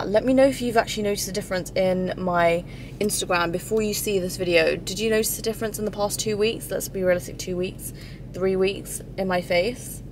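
A young woman with a London accent, chatting candidly in a casual beauty vlog, full of "like" and "babe". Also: mid-range voice. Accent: London English. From England. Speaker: beauty vlogger. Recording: faint background noise.

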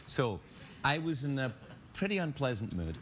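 A man's voice: medium pitch, moderate pace, a crowd in the background. A man with a Glaswegian accent hosting a late-night talk show, telling a story with theatrical flair. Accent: Scottish, Glaswegian. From Scotland. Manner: animated, theatrical storytelling with acted-out voices. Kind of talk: comic talk show banter.

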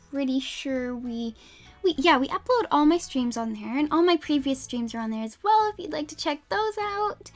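A woman's voice: sits high, a little mellow. A young woman streamer chatting casually and rambling, with frequent giggles and fillers. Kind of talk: casual live-stream chat.

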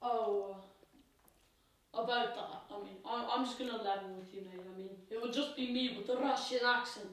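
A woman's voice: a little high, fairly even intonation, normal speed, echoey room, far from the mic, lightly acted, poor audio. A woman playing a cocky New Zealand ghost. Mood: sheepish. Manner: breezy, teasing, slangy. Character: cocky ghost of Christmas present, female. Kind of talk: comedy sketch acting.

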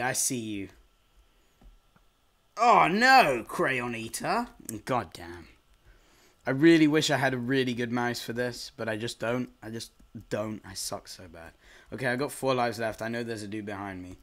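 A young man giving casual gameplay commentary as host of his channel, excitable and quick to yelp in frustration. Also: medium pitch.

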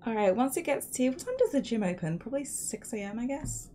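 A woman's voice: a little high, big pitch swings, brisk, mellow, slight background noise. A woman streamer chatting playfully through a life-sim game, talking to her characters and thanking her chat. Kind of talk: casual live game commentary.

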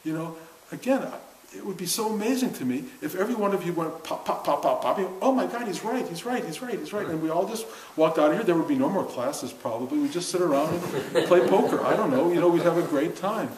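A man's voice: on the high side, fast, darkish tone. An older man giving an informal spiritual talk to a class, earnest and conversational, often laughing as he speaks. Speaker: spiritual teacher. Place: room with a seated audience. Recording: roomy echo with faint hiss.

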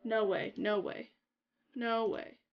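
A woman's voice: a little high, takes it slowly, smooth, dull audio. Giggly young woman livestreaming a game. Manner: giggly, excitable, chatting to viewers while playing. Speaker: gaming livestreamer. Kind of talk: casual livestream chat over gameplay.

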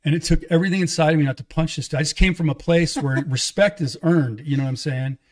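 Man telling his story, fairly high voice. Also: quick pace. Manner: loose, conversational, quotes others in dialogue. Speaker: podcast guest, evangelist. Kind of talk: casual testimony storytelling.

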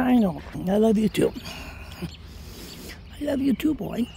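A slow, unhurried owner coaxes a cat along in a sing-song voice with a gravelly edge. The talk is recorded on a phone outdoors in the cold. Faint outdoor noise sits behind the voice. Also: medium pitch, animated, warm tone. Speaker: cat owner filming a walk. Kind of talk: casual talk to a pet.

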